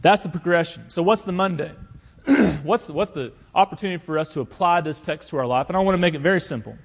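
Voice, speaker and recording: A male pastor preaching a sermon, swinging between loud emphatic appeals and quiet asides. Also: fairly high pitch, quick pace, vocal fry.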